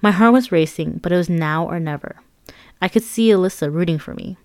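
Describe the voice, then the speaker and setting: A woman's voice: fairly low pitch, fairly quick, no room sound. A woman narrating her own memoir with a candid, wry, conversational manner.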